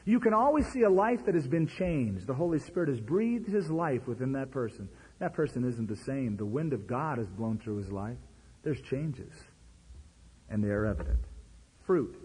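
A man preaching a sermon, his voice husky and strained. His pitch leaps up and drops back down as he talks. Everything rings with a long hall echo. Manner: animated, conversational preaching with sudden pitch jumps. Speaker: pastor.

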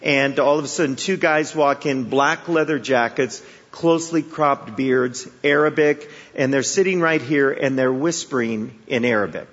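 Husky-voiced man preaching in an echoey hall. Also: mid-range voice, moderate pace, hardly any pauses, fairly bright tone. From Chicago area, US. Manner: conversational, humorous storytelling with rhetorical questions. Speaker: guest preacher. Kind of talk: sermon with storytelling. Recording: echoey hall, dull sound.

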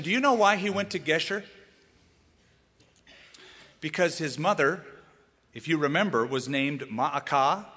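A man preaching a sermon as pastor, animated and acting out the voices of the people he quotes. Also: a little high, in a large hall. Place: church sanctuary.

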